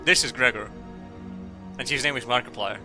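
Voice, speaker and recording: A man's voice: mid-range voice, moderate pace, over music. A man streaming a game, reading its dialogue aloud and joking crudely, rambling with lots of fillers.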